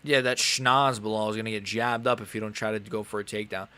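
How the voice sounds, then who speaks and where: A man's voice: lowish voice, fast, clean tone, dry recording. A young man casually commentating a live fight on a stream, swearing and getting worked up, often grumbling under his breath. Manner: casual, swearing, animated and frustrated. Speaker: MMA streamer.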